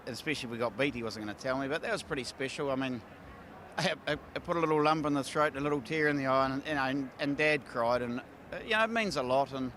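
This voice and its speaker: A man's voice: medium pitch, quick pace, fairly bright tone, slight background noise. A man, a racehorse trainer talking candidly after a big win, with lots of fillers and restarts. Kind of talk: casual post-race interview. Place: outdoors at a racecourse.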